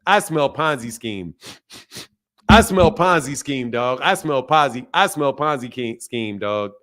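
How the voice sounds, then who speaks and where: A man's voice: medium pitch, lively intonation, measured pace, fairly bright tone. A man hosting a boxing channel, ranting in casual disbelief, profane and repetitive, with laughing asides. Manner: profane, incredulous, repeats himself, laughing asides. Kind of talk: casual reaction rant.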